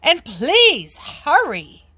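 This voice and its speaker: A woman voicing an excited young boy who pleads eagerly in a high voice. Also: very slow, no room sound, full character voice. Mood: urgent.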